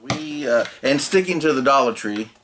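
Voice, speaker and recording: Speaking at a moderate pace with a medium-pitched voice, the host narrates a casual DIY tutorial while building homemade gear, over slight background noise. He's relaxed and meandering, with lots of filler words like "uh" and frequent restarts.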